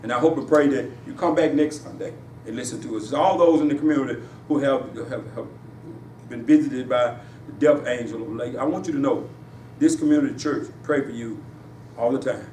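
A man preaching a sermon in a church, with emphatic call-and-response delivery that rises in pitch on his punchlines. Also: a little fast, dark tone, far from the mic. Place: church sanctuary. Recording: echoey church room, voice from afar, faint hiss.

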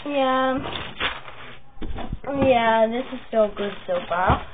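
A woman hosting a casual vlog, chatting and rambling as she shows her drawings, with the hiccups and bursts of excitement. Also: on the high side, very slow. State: has the hiccups. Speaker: channel host showing her drawings. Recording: tinny phone-like sound with faint noise.

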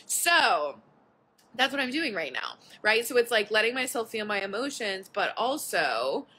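A young woman talking casually into her phone from the couch, bright and forward in tone. She rambles openly, drops "like" constantly and swears without a second thought. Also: mid-range voice, slightly rough. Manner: chatty, candid, swears casually, lots of "like". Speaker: podcast host. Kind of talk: casual live chat. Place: at home on a couch.

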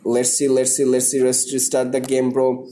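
A young man from India hosting a live stream, greeting viewers by name and repeating himself excitedly. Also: medium pitch, normal speed, slight background noise.

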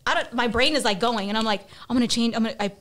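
A woman telling a story in a casual chat, acting out her own quotes with bursts of speed and laughter. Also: fairly high pitch. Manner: animated, fast bursts and acted-out quotes, laughing. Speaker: podcast guest.

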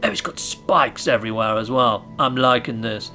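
Excitable British man with a gravelly voice. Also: medium pitch, normal speed, soft background music. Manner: excitable and chatty, cheering himself on. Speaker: gaming channel host. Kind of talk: gameplay commentary.

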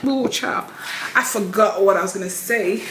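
A woman's voice: medium pitch, moderate pace, noisy background. A woman chatting casually to camera in a travel vlog, talking and laughing often. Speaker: travel vlogger.

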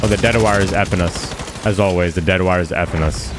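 A man's voice: deep voice, fairly even intonation, fairly quick, background noise. A man giving playful, casual commentary while playing a game, now and then chanting lines over and over. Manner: playful, sings along and repeats chants. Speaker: gaming streamer. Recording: game gunfire behind voice.

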